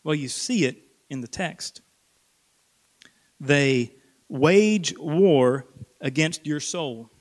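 A man preaches a sermon in a slightly higher-than-usual voice. He is earnest, repeats words for emphasis and drops to a hush on key points. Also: lively intonation, drawn-out words, long pauses. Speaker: pastor.

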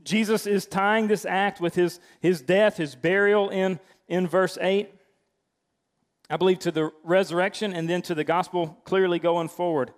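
A man with a fairly high voice delivers a sermon in a loose, conversational way, often restarting his phrases. He sounds like a pastor speaking from the front of a church. A long reverb tail hangs behind his voice. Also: fairly even intonation, moderate pace. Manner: conversational preaching with frequent restarts.

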